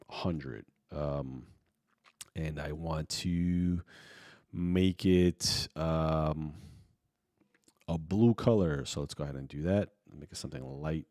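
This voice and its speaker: Deep-voiced relaxed man teaching editing. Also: no room sound, studio quality. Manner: relaxed, thinking aloud with many fillers. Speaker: video editing tutor. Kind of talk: casual screen-recorded tutorial.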